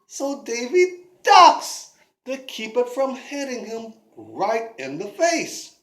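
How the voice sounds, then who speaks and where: Woman telling a story slow n playful, lively ups and downs, echoey. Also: fairly high pitch. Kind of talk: storytelling narration. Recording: roomy echo.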